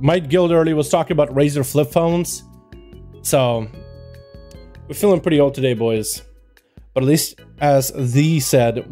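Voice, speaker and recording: Chatty young man streaming, higher voice. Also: dark tone. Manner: chatty, rambling, jokey, talks to chat. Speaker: livestream host. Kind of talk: casual gaming livestream chat. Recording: faint music behind. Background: faint background music.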